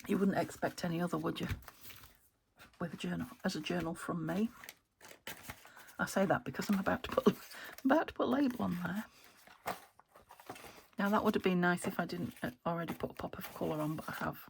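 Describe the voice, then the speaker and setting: Gravelly low-voiced British woman, musing softly. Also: a little fast, long pauses, a little hiss or hum. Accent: British English. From United Kingdom. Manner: muses aloud while working, often trailing into soft half-whispers. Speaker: craft channel host. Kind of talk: casual crafting commentary.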